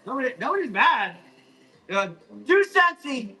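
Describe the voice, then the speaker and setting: A man hosting a live plant auction, rambling, apologizing and swearing as he hurries through his sales pitch. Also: expressive, moderate pace, sharp tone, soft background music, rough recording. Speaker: live-stream plant seller. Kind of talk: live auction selling chat.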